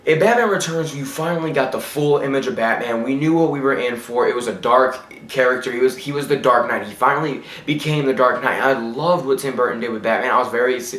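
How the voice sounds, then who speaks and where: A man's voice: mid-range voice, a little fast, few pauses, a bit bright, echoey room. A man giving a casual, opinionated film review. He talks bluntly and rants, often stumbling and restarting his words. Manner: blunt, ranting, trips over words. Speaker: movie reviewer.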